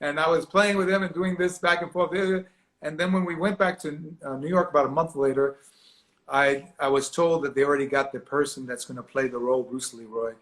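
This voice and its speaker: Animated man telling a story. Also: a little high, a little fast. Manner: animated, acts out quoted voices, laughs often. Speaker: actor guest. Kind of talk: storytelling interview.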